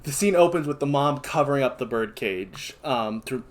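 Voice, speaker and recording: A man's voice: medium pitch, lively intonation, normal speed. Rambling casual man from Kentucky. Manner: rambling, loose recap full of fillers and self-corrections. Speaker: podcast co-host recapping a film. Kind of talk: casual chat.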